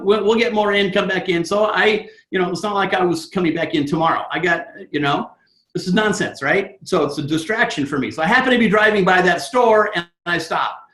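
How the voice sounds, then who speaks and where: A man who trains network marketers gives a motivational talk and tells a story in an animated, fired-up way. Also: sits high, roomy sound, rough recording.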